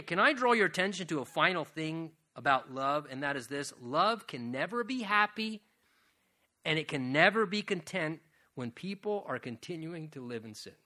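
A man's voice: sits high, sharp tone. A man preaching a sermon, earnest and direct, building to emphatic appeals to his listeners. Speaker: pastor.

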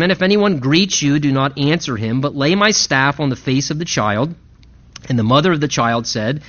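A man preaching a sermon, impassioned and rising in pitch and volume to stress his points. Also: bright, forceful tone, muffled recording. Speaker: pastor.

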